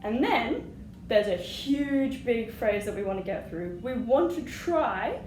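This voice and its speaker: A woman's voice: on the high side, expressive, slow, darkish tone, soft background music. A woman teaching flute, patient and encouraging, singing rhythms aloud as she explains. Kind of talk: music lesson. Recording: echoey room with audible noise.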